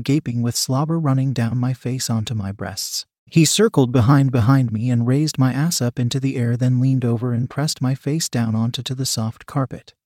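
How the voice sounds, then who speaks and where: Guy reading an erotic story, steady even voice, dead dry room. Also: mid-range voice, no echo. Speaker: story narrator. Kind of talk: read-aloud erotic story narration.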